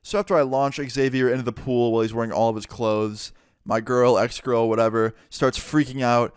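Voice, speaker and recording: A young man telling a personal story to camera in a casual, profane, animated way. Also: medium pitch, fairly quick, smooth, no room sound, studio quality. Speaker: vlogger. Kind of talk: storytime narration.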